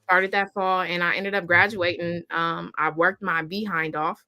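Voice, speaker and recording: A young adult woman tells her story over a video call. Her voice is bright and a little forceful. She talks with emphatic energy and slips into acting out what she was thinking at the time. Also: fairly low pitch, normal speed. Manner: animated and emphatic, acts out her own past thoughts. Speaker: guest. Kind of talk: personal storytelling in a conversation.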